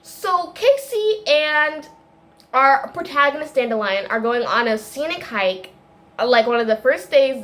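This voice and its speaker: A woman in a casual video, ranting about a film in a rambling, animated way, full of restarts and tangents. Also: high-pitched. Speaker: video creator.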